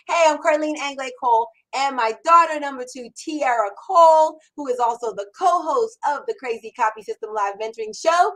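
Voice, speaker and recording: An upbeat middle-aged woman hosts a live-streamed Q&A, speaking fairly high. She talks with bubbly energy, stacking repeated words for emphasis and sounding excited. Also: fairly quick, few pauses, rough recording. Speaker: host. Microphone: camera mic on a livestream.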